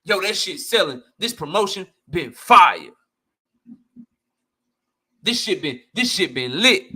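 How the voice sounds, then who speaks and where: A male boxing channel host giving blunt, profane, slang-heavy commentary and answering his live chat in a casual, animated way. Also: high voice, takes it slowly, husky.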